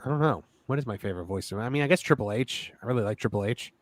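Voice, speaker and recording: A man's voice: medium pitch, lively intonation, racing, dry recording. A man hosting a casual livestream chat who reads out viewer questions and chats easily with his co-hosts. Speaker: livestream host.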